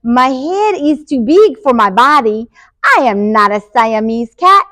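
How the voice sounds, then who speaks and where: A woman voicing an excitable young boy kitten who thinks he is a dog, exclaiming in a bouncy, sing-song way with a put-on Spanish accent. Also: on the high side, a little slow, dry recording, studio quality. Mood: excited.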